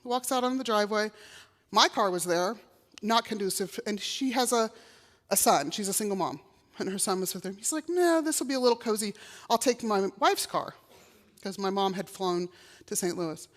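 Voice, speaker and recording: The long reverb of a college chapel surrounds this middle-aged Texan woman as she gives a personal testimony. Her mid-range voice is animated and moves at a moderate pace, and she performs the voices of the people she quotes.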